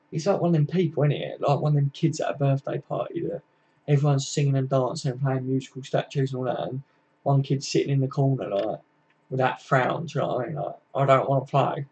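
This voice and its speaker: A man's voice: medium pitch, dark tone, slightly rough, muffled recording. A man, hosting a casual live-stream chat, chatting loosely and answering viewer comments. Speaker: livestream host. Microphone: computer mic, live stream.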